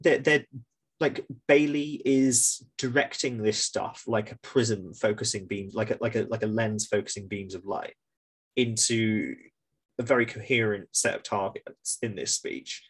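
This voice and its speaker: A man's voice: medium pitch, husky. A man co-hosting a podcast in casual political chat, swearing freely and stumbling over repeated words. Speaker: podcast co-host.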